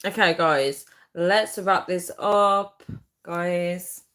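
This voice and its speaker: A woman's voice: fairly low pitch, drawn-out words, a bit bright. Giggly woman chatting on a livestream. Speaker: livestream host. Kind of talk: casual live chat reading comments.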